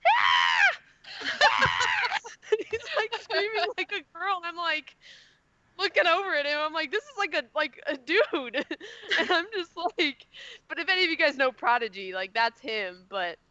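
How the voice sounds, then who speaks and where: A woman's voice: very high voice, lively intonation, normal speed, sharp tone, dry recording, muffled recording. A woman from Indiana telling a long rambling story on a casual podcast, with lots of fillers and giggles. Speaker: podcast co-host.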